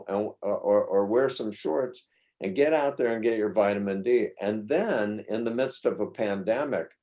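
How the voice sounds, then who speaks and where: Blunt, opinionated man with a low, mellow voice. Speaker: speaker at a talk. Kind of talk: informal lecture.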